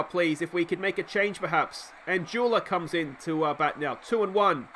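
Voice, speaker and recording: A young Australian man commentating his own baseball sim game in an excitable, chatty play-by-play style, often asking himself questions and cheering his players on. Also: a little high, normal speed, a little hiss or hum. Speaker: video game let's play host.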